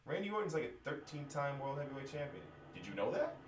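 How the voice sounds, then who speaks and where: A man's voice: medium pitch, big pitch swings, fast talker, slight background noise. Frustrated man ranting in an echoey room. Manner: frustrated, profane, rambling with restarts. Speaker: musician venting to viewers. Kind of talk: casual rant to camera. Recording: echoey room, distant from mic.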